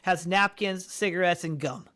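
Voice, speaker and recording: Podcast guest, male, higher voice, animated storyteller who acts out quotes. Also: normal speed. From Colorado, United States. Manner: animated, acts out quotes with big pitch jumps. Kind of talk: casual storytelling interview.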